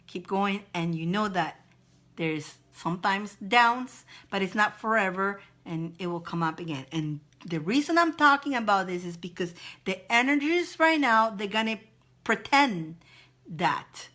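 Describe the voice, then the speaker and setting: A woman's voice: medium pitch, a bit bright. A woman hosting a live-stream spiritual advice chat, encouraging viewers with repeated phrases and reading out their comments. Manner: repetitive, encouraging, reads viewer comments aloud.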